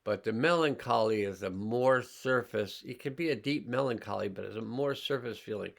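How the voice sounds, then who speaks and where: A man teaching a healing class, slowly and calmly talking listeners through sensing their body and emotions. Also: mid-range voice, gravelly. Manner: slow, calm, pausing, guiding listeners' awareness. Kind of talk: slow guided healing demonstration.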